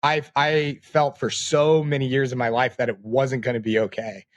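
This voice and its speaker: A man in his late twenties, a podcast guest, talking in a reflective, halting way with many fillers. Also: mid-range voice, level tone, no room sound. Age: 20s. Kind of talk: casual interview talk.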